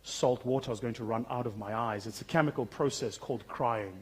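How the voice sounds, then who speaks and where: A South African man giving a keynote speech on a conference stage, telling stories with humour in a relaxed, conversational way. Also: medium pitch, a little fast, slight background noise. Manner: humorous, conversational, vivid storytelling. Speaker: keynote speaker.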